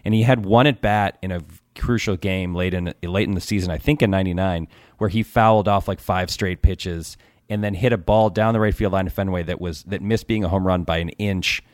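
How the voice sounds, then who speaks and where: Deep-voiced man telling long stories. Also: steady tone, brisk, no room sound, clean studio sound. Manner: long rambling storytelling. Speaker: podcast guest, TV producer. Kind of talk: casual podcast chat.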